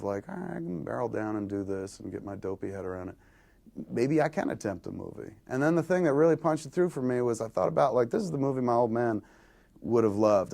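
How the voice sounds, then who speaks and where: A man's voice: mid-range voice, creaky, warm tone. Rambling self-deprecating man telling a story. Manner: rambling, self-deprecating, acts out quoted dialogue. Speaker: film director. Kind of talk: candid interview storytelling.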